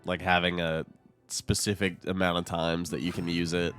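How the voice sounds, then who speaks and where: A man's voice: low voice, flat delivery, normal speed, a bit bright, clear, resonant tone, faint music behind. A man chatting casually while streaming a game, rambling between topics and laughing often. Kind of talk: casual chat while gaming.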